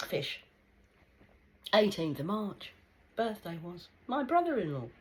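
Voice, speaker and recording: A woman's voice: on the low side, very animated, slow, long pauses. A middle-aged woman telling rambling personal stories in casual chat, swearing freely, laughing often and dropping into whispered asides. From United Kingdom. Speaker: vlogger.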